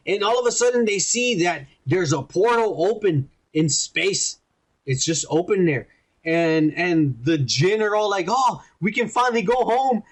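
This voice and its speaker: A man hosting a podcast, retelling a TV episode in a casual, rambling, profane way and putting on quick voices for the characters. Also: high-pitched. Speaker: podcast host reviewing a TV episode.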